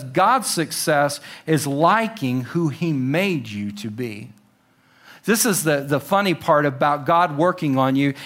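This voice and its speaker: A man preaching a sermon, animated, acting out quotes with exclamations and dropping to slow, soft emphasis on key lines. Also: high-pitched. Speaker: pastor.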